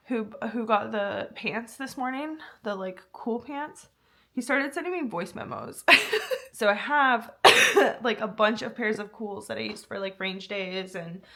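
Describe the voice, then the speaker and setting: A woman's voice: mid-range voice, creaky, fairly bright tone. A woman vlogger chatting casually, rambling with lots of fillers and frequent laughs. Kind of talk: casual chat.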